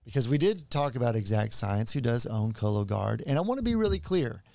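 A man's voice: medium pitch, sing-song, a little fast, creaky, darkish tone, no echo, clean studio sound. A man, a medical practitioner co-hosting a podcast, explaining earnestly with restarts. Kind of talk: casual podcast chat.

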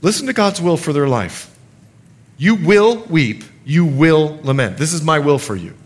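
Lively, high-voiced male preacher. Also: measured pace. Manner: animated preaching, acts out the speakers in his stories. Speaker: pastor. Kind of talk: sermon.

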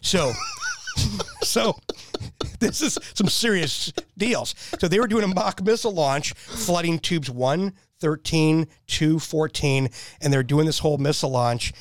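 A man with a slightly high voice rattles off animated anecdotes in an easy podcast chat, often laughing at his own jokes. The sound is close and dry, with no room in it. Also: a little slow, no echo. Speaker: guest telling stories. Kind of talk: casual storytelling chat.

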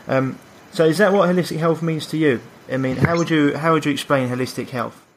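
A man's voice: fairly high pitch, moderate pace, a little hiss or hum. A man hosting a podcast, asking questions casually and restarting his sentences often. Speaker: podcast host.

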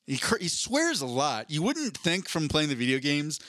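A man's voice: on the high side, huge pitch swings, normal speed, pushed and bright, no echo, clean studio sound. A young man co-hosting a podcast, chatting casually in a rambling, joking way with many stumbles and restarts. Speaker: podcast co-host. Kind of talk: casual comedic chat.

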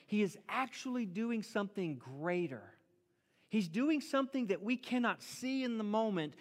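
Middle-aged guy preaching, gets loud and animated, echoey church hall sound. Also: high voice. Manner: animated preaching, acts out prayers in raised voice. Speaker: pastor. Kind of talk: sermon. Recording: long reverb of a hall.

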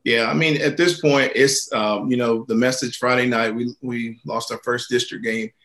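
A man, a girls basketball head coach, answering interview questions in a halting, earnest way. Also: mid-range voice, steady tone, fairly bright tone. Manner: halting, many fillers and restarts, earnest.

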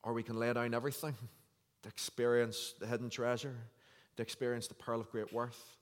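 A man's voice: mid-range voice, flat delivery, brisk. A man preaching a sermon in an earnest, conversational way, reading scripture aloud. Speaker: pastor. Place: church hall. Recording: long hall reverb.

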